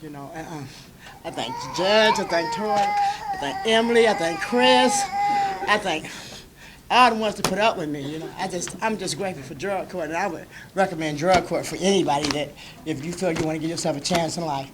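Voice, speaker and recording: A woman's voice: lowish voice, animated, brisk. A woman graduate speaks emotionally, laughing through tears, at a courtroom ceremony. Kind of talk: ceremony speech. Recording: noisy courtroom.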